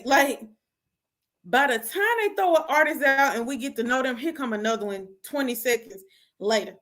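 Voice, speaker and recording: A young woman hosting her own show, giving casual opinions on music in an animated, slangy way. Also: high voice. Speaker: host.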